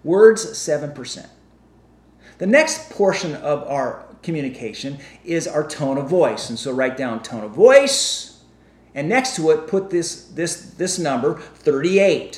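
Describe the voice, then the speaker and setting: A male pastor preaching a sermon, animated and asking his congregation questions. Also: on the high side, a little slow, roomy sound.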